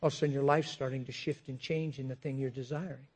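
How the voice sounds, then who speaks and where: A man preaching a sermon, moving between quiet prayer-like phrases and loud, animated storytelling. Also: fast talker, husky. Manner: soft prayerful murmur rising to loud, high-pitched storytelling.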